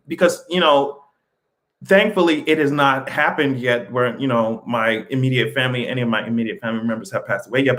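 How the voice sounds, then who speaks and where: A man hosting a casual livestream, talking in an animated, profane way with sudden jumps in pitch and frequent laughter. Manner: laughs often between remarks. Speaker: livestream host.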